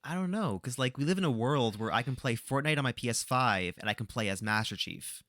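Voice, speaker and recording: A man hosting a podcast, asking questions in a relaxed, agreeable way. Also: mid-range voice, a little fast, no echo, clean studio sound. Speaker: podcast host. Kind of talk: casual podcast chat.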